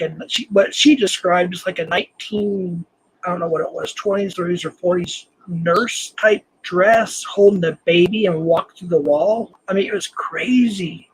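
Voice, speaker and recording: Male livestream host, high and husky, relaxed and chuckly. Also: low-quality recording. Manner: laid-back, chuckling, greets chat viewers. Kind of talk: casual live-stream chat.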